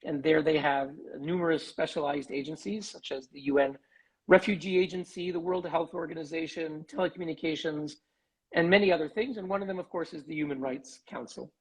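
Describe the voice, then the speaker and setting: A man giving an articulate, measured interview as a human rights advocate over a video call. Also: a little high, fairly even intonation, husky, low-quality recording. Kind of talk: live online interview.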